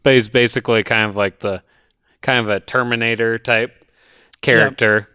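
Bright, crisp male plot recapper. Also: medium pitch, fairly even intonation, moderate pace, no room sound, clean studio sound. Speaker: movie podcast co-host. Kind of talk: casual chat.

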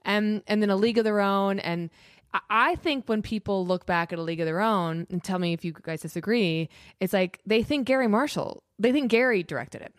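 A woman's voice: medium pitch, brisk, no room sound, studio quality. A woman in her forties, a podcast guest, talking casually and enthusiastically with many restarts and fillers.

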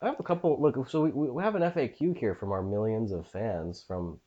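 A man's voice: mid-range voice, brisk, warm tone, dull audio. A man co-hosting a comedy podcast in casual chat, joking, crude and teasing. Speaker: podcast co-host.

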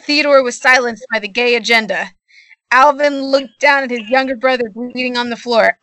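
Bright, deadpan young woman reading aloud. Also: a little high, moderate pace, no echo. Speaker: podcast co-host. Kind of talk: reading a joke story aloud. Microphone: video call.

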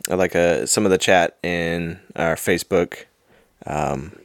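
A man's voice: deep voice, animated, a little slow, gravelly, dry recording. A man co-hosting a casual podcast, easygoing and agreeable, chatting into a studio microphone. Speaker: podcast co-host.

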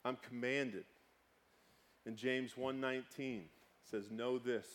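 Preaching man, loud then hushed. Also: medium pitch, steady tone, slow pace, long pauses. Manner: conversational preaching, swinging between loud outbursts and hushed, soft passages. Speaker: pastor. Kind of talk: sermon.

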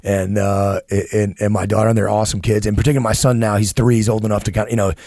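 A man's voice: lowish voice, little pitch movement, fast, creaky, dark tone, no echo, studio quality. A man in his thirties co-hosting a podcast, talking earnestly in casual conversation, often restarting and repeating words. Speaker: podcast co-host.

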